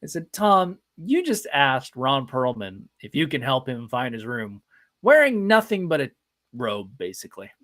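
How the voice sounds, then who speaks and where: A man hosts a live podcast and tells stories in a loose, chatty way. He pokes fun at himself as he rambles through memories. His voice sits at an ordinary pitch for a man. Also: sing-song, moderate pace, a bit bright. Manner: chatty, anecdotal, self-deprecating. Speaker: podcast host. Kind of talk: casual live podcast storytelling.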